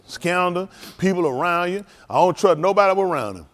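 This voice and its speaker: A man giving loose, animated commentary at a livestreamed service, laughing often. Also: sits high, brisk. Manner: animated, laughing, preachy street talk. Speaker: preacher.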